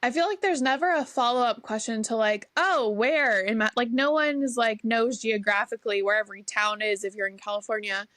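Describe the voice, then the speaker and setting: A woman's voice: fairly high pitch, brisk, few pauses, a bit bright, no room sound. A woman from Massachusetts co-hosting a casual podcast, blunt with dry asides. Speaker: podcast co-host. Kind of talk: casual chat.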